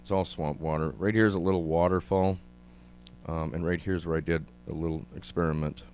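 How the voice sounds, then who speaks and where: A man's voice: deep voice, fairly even intonation, fairly quick, darkish tone, slight background noise. A man in an interview, talking hesitantly with many ums while narrating his own video clips.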